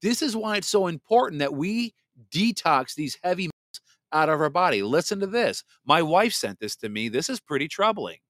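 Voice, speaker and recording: Guy hosting his podcast, fired up and preachy, kinda high voice, lively. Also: moderate pace, no echo, clean studio sound. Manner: fiery, preachy, lively ranting. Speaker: podcast host. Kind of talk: animated talk show monologue.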